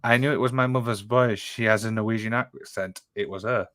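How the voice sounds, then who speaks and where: A man co-hosts a casual podcast, reading listener stories out loud in a lowish, steady, fairly bright voice that's a little fast. There's no echo, and he frequently exclaims, drifts off mid-thought and restarts.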